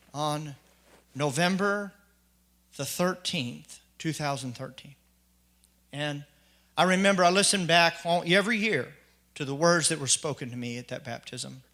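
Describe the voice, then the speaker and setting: Middle-aged man, bright forceful voice, earnest testimony delivered casually. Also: a little high. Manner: earnest, conversational, many restarts and you-knows. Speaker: church member giving testimony. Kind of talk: spoken personal testimony.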